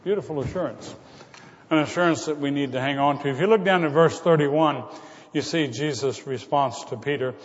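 A man preaching a sermon as pastor, dropping to hushed tones and rising to loud calls. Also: a little high, fairly quick, a little hiss or hum. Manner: dramatic shifts from hushed to loud. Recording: muffled sound with long hall reverb.

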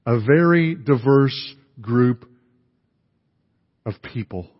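A pastor giving a sermon in a conversational way, with many fillers and restarts. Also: male voice, mid-range voice, expressive, slow. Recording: dull, lo-fi recording in a reverberant hall.

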